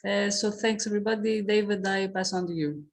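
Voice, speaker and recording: A woman hosting a casual online video-call meeting, introducing participants in an informal, steady way with frequent fillers. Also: mid-range voice, a little fast. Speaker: meeting host.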